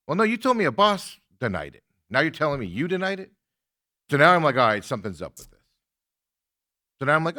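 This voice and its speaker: A man hosts a talk show in casual chat, retelling a frustrating call. His bright, forceful voice rides a lively pitch as he quotes both sides. The sound is dry and close. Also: fast talker, dry recording. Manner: animated, indignant retelling with quoted exchanges. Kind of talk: casual chat, telling a story.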